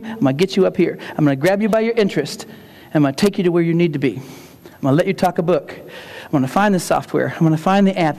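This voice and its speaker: A man's voice: sits high, warm tone. Joking man speaking in a big hall. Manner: joking, storytelling, repeats key phrases. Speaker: keynote speaker. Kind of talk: humorous conference keynote. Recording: long hall reverb.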